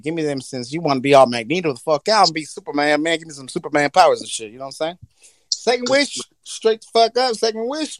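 A man in casual, profane banter with a friend, animated and joking. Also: a little high, no echo. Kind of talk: casual chat.

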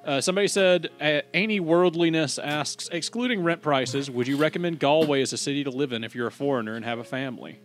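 A man's voice: a little high, quick pace, few pauses. Podcast host, male, casual and crude, cusses freely, faint music bed. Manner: crude, joking, swears freely.

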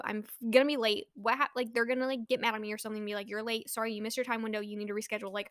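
A young woman telling a casual storytime to camera in a bright, forceful, slightly high voice. She rambles with lots of fillers and breaks into anxious exclamations. The close mic sounds dry, with no room echo. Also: steady tone, very fast, few pauses. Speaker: vlogger.

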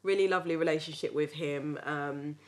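A woman hosting a podcast, telling family stories in a lively, laughing way. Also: deep voice, a little fast. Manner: lively, laughing, animated retelling. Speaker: podcast host. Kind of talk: casual storytelling chat.

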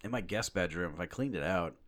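A man's voice: low voice, expressive, fast, a bit bright. A young man co-hosting a podcast, crude and jokey, swearing often in casual banter. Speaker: podcast co-host.

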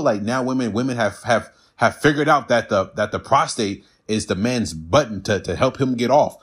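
A man's voice: medium pitch, moderate pace, few pauses, slightly rough. A man ranting bluntly and profanely in a casual monologue, mocking others with put-on quotes.

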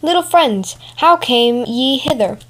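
A woman's voice: sits high, expressive, measured pace. A woman voicing a fretful little straw in a fairy-tale reading, with quaint old-fashioned speech. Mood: anxious.

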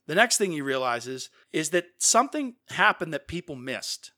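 A man's voice: mid-range voice, pushed and bright. A man from the Boston area hosting a podcast, explaining events step by step in a conversational storytelling style and briefly acting out quotes.

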